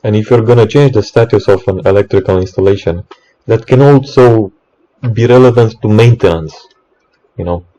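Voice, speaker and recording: A man's voice: lowish voice, normal speed, mellow, lo-fi sound. A man, an electrician, in an exasperated ranting monologue, swearing often and stumbling over restarts.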